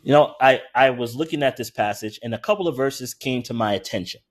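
A man preaching a sermon who talks casually with the congregation and slows way down to read scripture aloud. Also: medium pitch. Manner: conversational, animated preaching with frequent asides to the congregation.

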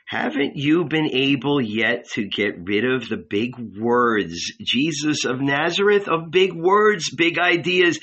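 A man's voice: mid-range voice, fairly bright tone, husky, dull audio, full character voice. A man reading an audiobook, voicing a playful, mischievous male guardian angel disguised as a boy who lectures with a teasing edge.

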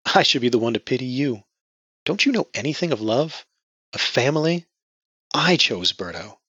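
A grieving young woman, bitter and defiant, her voice raised close to tears, as a male narrator puts her on. The voice is tense and breathy, recorded dull and lo-fi. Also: medium pitch, big pitch swings, normal speed, bright, forceful tone, dry recording, pitched above the performer's own voice, full character voice. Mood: anguished. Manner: emotional, raised voice near tears. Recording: dull lo-fi audio.

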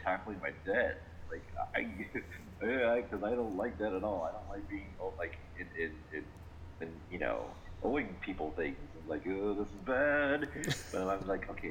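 A man co-hosting a podcast in casual chat, halting and laughing as he talks. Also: lo-fi sound, slight background noise. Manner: halting, laughing, lively swings in pitch. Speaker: podcast co-host.

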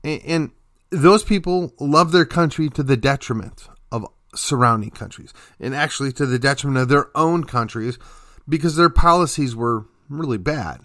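A man's voice: medium pitch, normal speed, bright, forceful tone, no echo, studio quality. A man hosting a political commentary show, delivering an emphatic opinion monologue with sarcastic asides.

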